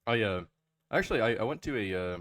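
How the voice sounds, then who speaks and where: Halting casual podcast host, man. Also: fairly low pitch, animated, fairly bright tone. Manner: halting, many restarts and fillers, reads ads jokingly.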